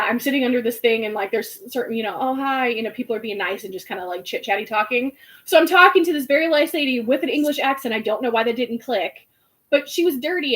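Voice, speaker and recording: Young woman in her twenties, chatty storyteller, relaxed fillers, a bit high-pitched. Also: low-quality recording. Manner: animated storytelling with lots of fillers and asides. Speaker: guest telling a story. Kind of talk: casual chat.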